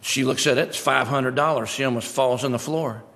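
A male preacher delivers an emphatic sermon, driving his points home by repeating them. His voice is deeply gravelly at a middle pitch. It rings out with a long reverb from a church hall. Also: brisk, fairly bright tone.

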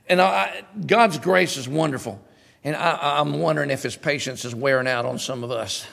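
Gravelly-voiced preacher in a reverberant church. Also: male voice, a little high, a little fast. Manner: animated, conversational preaching with sudden loud bursts. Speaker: pastor. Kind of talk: sermon.

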